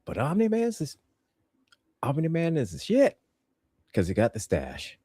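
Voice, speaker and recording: A man's voice: a little high, huge pitch swings, unhurried, warm tone, slightly rough, no room sound, studio quality. A man hosting a podcast, reviewing a show in casual, joking chat. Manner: playful, joking, laughs a lot. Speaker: podcast host.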